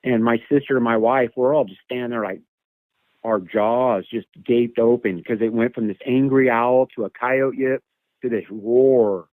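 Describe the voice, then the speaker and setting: A man's voice: medium pitch, moderate pace, no echo. Man telling a story over a tinny phone line. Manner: animated, imitates animal calls. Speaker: caller sharing an encounter story. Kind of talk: casual storytelling.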